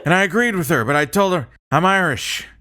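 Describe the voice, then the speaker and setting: A man's voice: sits high, animated, a little fast, bright, forceful tone, pitched above the performer's own voice. A man putting on a rambling elderly male politician, telling a meandering folksy story through chuckles.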